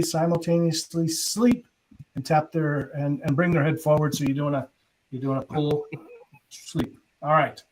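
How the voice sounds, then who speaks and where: A man with a fairly high voice hosts a live online hypnosis show over a video call. He thinks aloud, chats casually, and reads out questions from viewers. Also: a little mellow, a little hiss or hum. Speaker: host hypnotist. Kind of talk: casual live-stream chat.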